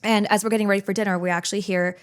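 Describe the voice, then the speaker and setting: Young woman guest; chatty, animated storyteller, constant fillers. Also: mid-range voice, rapid-fire, smooth. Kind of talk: casual podcast chat.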